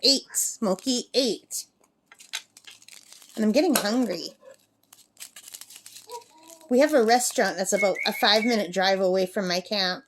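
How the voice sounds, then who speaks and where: This crafting vlogger has a mid-range voice, and there's a faint hiss or hum on the recording. At her summer camp, with a talking parrot nearby, she rambles along in a chatty, casual way, reading numbers out loud as she works.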